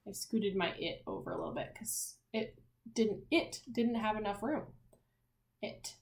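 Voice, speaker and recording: A woman with a medium-pitched voice teaches young children remotely, spelling words out letter by letter and asking the class encouraging questions. She speaks slowly and clearly, sounding out letters, and the audio has a roomy sound.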